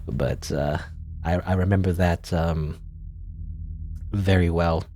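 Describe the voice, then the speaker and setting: A man's voice: low-pitched, fairly even intonation, slow, mellow. A man doing casual let's play commentary, rambling and hesitant, full of filler words, and reading the game's text aloud. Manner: reads game text aloud.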